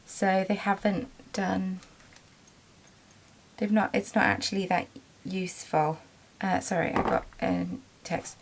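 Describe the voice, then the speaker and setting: A woman's voice: medium pitch, measured pace, a little hiss or hum. A woman running a small craft business, talking in a chatty, rambling way with lots of ums in a casual vlog. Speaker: small business owner and vlogger.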